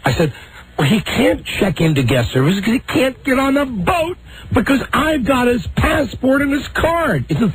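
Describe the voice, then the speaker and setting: A man's voice: very high-pitched, sing-song, moderate pace, slight background noise, poor audio. A man hosting a talk radio show, telling an exasperated story and acting out the people in it.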